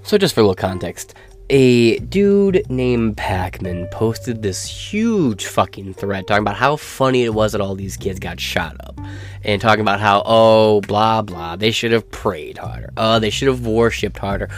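A man's voice: fairly low pitch, expressive, normal speed, soft background music. A man ranting through a commentary with crude, profane, sneering talk.

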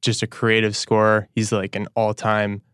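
A man giving quick, confident takes as a guest on a casual sports podcast, often leaning on "like". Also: lowish voice, monotone, fairly bright tone, smooth, dry recording, studio quality.

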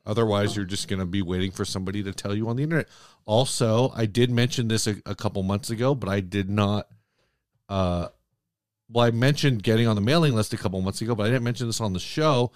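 A man's voice: on the low side, fast, no room sound, studio quality. A man co-hosting a podcast with a strained, sore-sounding voice, talking in an easygoing way and reading sponsor ads. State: voice strained, hurts to talk. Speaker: podcast co-host. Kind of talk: casual chat.

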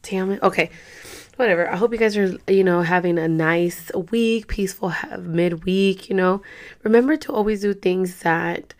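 A hoarse young woman hosting a podcast in casual, rambling chat, full of fillers and throat-clearing. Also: mid-range voice, normal speed. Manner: rambling, chatty, many fillers. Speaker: podcast host.

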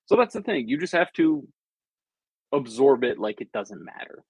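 Husky laid-back podcast co-host man. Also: medium pitch, sing-song, normal speed, no room sound. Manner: laid-back, joking, stammering restarts. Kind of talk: casual podcast chat.

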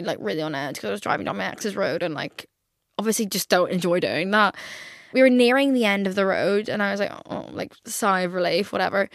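A woman's voice: medium pitch, no room sound, studio quality. A young woman in her twenties hosting a casual solo podcast, rambling, swearing a lot and acting out her own reactions. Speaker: podcast host.

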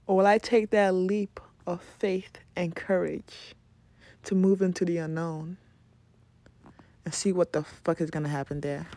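A woman's voice: on the low side, steady tone, unhurried, dark tone. A woman hosting a casual spiritual podcast, talking animatedly, laughing and swearing as she acts out quoted voices. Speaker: podcast host.

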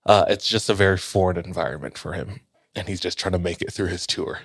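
A man casually retelling a ghost story, rambling with fillers and restarts, sinking to a hushed voice at tense moments. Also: low-pitched, fairly quick, slightly rough, no room sound, clean studio sound. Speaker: storyteller in a podcast-style chat.

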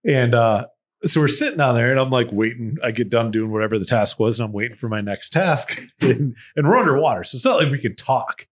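A man's voice: mid-range voice, expressive, a little fast. A man telling a story in casual podcast chat, laughing often and swearing freely. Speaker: podcast co-host.

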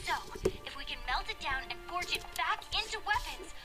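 A clever young ninja sister in a cartoon, her voice pitched very high and delivered earnestly and steadily. Music plays clearly behind her, as the cartoon audio runs under a podcast. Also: animated, normal speed, bright, forceful tone, exaggerated voice. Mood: resolute. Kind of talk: animated series dialogue.

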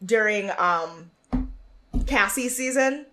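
A woman's voice: medium pitch, slow pace. A young woman co-hosting a podcast, chatting casually about a reality show, giggly and full of fillers. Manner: animated, giggly, lots of fillers. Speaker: podcast co-host.

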